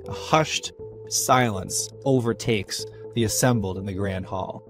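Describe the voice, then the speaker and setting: A man's voice: fairly low pitch, normal speed, faint music behind. A man narrating a tabletop game as game master, telling the story casually with plenty of fillers.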